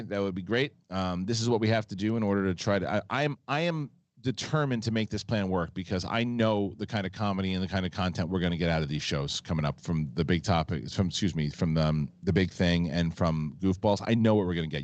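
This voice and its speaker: Deep-voiced male live-show host. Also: no echo. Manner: rambling, frank, swears casually. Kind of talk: live show chat, reading donation messages.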